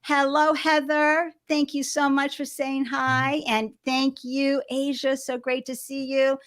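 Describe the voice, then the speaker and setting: An effusive woman hosts a live-streamed interview show, greeting her viewers by name with gushing enthusiasm. Her voice sits a little high for a woman. She talks into a webcam on a video call from a home studio. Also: little pitch movement, takes it slowly, a bit bright. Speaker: show host. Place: home studio with balloons behind.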